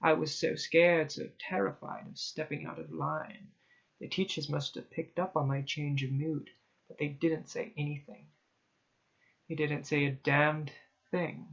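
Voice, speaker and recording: A man reading a first-person horror story aloud, dramatic and hushed at tense moments. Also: a little high, vocal fry, lo-fi sound. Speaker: story reader.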